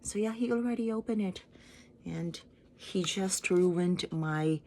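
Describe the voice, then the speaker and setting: A woman's voice: fairly low pitch, takes it slowly, a little mellow, a little hiss or hum. A Filipino woman vlogger chatting casually as she unboxes gifts at home, giggling and playful. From Philippines. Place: home in Japan.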